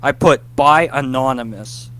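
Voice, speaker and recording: A man, a guest writer, telling a casual interview story, animated and self-deprecating about his nerves. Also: medium pitch, clean tone. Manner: animated, acts out his past self in quick bursts.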